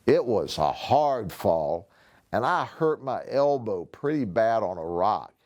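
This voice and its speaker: Male sheriff reading aloud to kids; slow, expressive, lively pitch. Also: lo-fi sound. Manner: expressive storytelling. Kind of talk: reading a novel aloud to schoolchildren.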